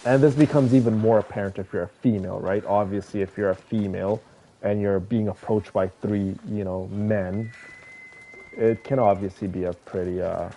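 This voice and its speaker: A man streaming a game, chatting casually and rambling to his viewers in a relaxed way. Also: fairly low pitch, normal speed, a little hiss or hum. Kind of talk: casual chat with viewers while gaming.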